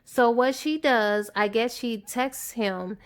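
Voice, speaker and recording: A woman giving a casual, animated movie recap in a chatty storytelling manner. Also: fairly high pitch, takes it slowly. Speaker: movie reviewer on her channel.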